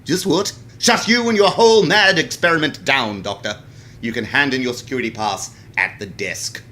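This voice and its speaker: A man's voice: medium pitch, moderate pace, sharp tone, voice pushed up, lightly acted. A man doing a stern, pompous president. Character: stern, exasperated male head of state.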